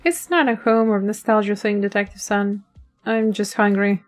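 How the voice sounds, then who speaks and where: A woman's voice: mid-range voice, moderate pace, faint music behind, close to an everyday voice. A woman doing a blunt, dry woman cop. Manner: dry, blunt, matter-of-fact. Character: gruff hardened woman cop, blunt and unbothered.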